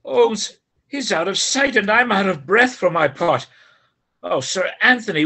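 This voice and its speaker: Husky high-voiced man reading a frantic part. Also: animated, a little slow, sharp tone. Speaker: volunteer reader playing a servant. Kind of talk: live play reading.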